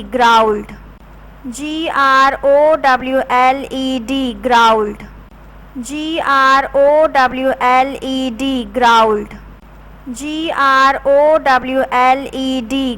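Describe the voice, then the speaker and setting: A woman teacher reads a storybook aloud to her class at a very slow, careful pace. Her voice sits high. She pauses to spell key words out letter by letter, in the measured way of classroom dictation. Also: a bit bright, slight background noise, rough recording.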